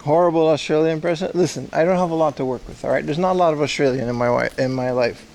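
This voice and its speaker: Walking outdoors along city streets, a man hosts a livestream, rambling casually and joking back at his viewers. His voice is on the high side, fast, creaky and a little mellow, with a faint hiss or hum.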